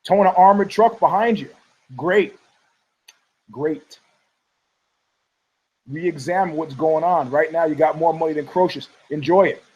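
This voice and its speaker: A man's voice: on the high side, brisk, hardly any pauses, darkish tone, slightly rough, muffled recording. A male podcast host giving rambling, combative commentary, profane and heated, often stumbling over restarts.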